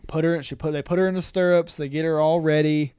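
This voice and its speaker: A man's voice: a little high, steady tone, fast, a little mellow, smooth, no echo, clean studio sound. A young man co-hosting a podcast, retelling a story in casual chat with plenty of "um"s and quoted lines.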